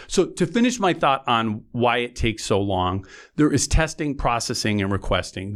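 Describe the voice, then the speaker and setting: An earnest man co-hosting a podcast, talking things through at a middling pitch. He lays out each point step by step, checking in often with "okay" and "right.". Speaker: podcast co-host, former homicide prosecutor. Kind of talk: casual podcast chat.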